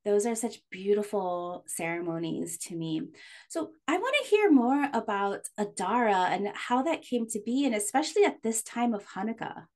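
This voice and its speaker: A woman hosting a podcast, chatting with her guest in a relaxed, affirming way. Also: mid-range voice, moderate pace. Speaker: podcast host. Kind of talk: conversational interview.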